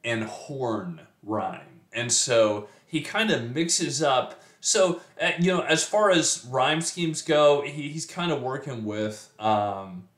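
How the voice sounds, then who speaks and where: A man reading a sonnet aloud, then explaining it like a teacher, often pausing with fillers and restarting. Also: medium pitch, a bit bright. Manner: slow and measured, with frequent fillers and restarts. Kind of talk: poetry reading and lesson. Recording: roomy echo.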